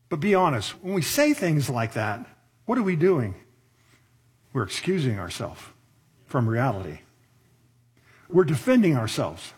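A man preaching a sermon as a pastor, talking in a conversational way, asking rhetorical questions and slowing down to stress key words. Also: a little high, big pitch swings, slightly rough.

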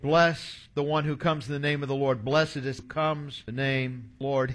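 Earnest preacher in his sixties, bright voice. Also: on the high side, a little slow, hardly any pauses. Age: 60s. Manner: earnest storytelling preacher, reading scripture aloud. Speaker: pastor. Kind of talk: sermon.

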